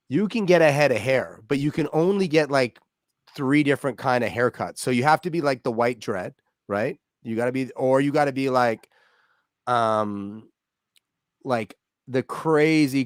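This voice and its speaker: A man's voice: mid-range voice, unhurried, dry recording. A man co-hosts a live sports betting stream, talking casually and animatedly. The recording is dry and close. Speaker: co-host of a betting watch party. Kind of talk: casual chat.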